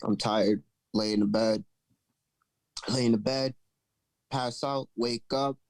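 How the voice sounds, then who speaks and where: A man hosting a podcast, telling a story in a loose, animated, profane way. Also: mid-range voice, slow, no echo, rough recording. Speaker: podcast host. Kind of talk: casual storytelling chat.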